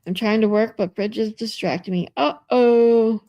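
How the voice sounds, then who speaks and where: A woman's voice: medium pitch, fairly even intonation, a little fast, dry recording, highs cut off. A woman live streamer chatting casually with her viewers, reading out and answering their comments and laughing often, from a hotel room.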